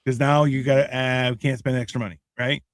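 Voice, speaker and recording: A man in a relaxed livestream conversation who walks through his points plainly and keeps checking that the listener is with him. His voice sits at an ordinary middle pitch. It is recorded dry, with no room sound around it. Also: brisk, dry recording. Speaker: co-host. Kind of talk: casual livestream chat.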